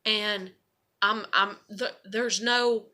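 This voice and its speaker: Bright-voiced woman venting. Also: mid-range voice, fairly even intonation, slow pace. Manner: rambling, emotional, frank and profane. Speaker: vlogger. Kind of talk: personal venting monologue.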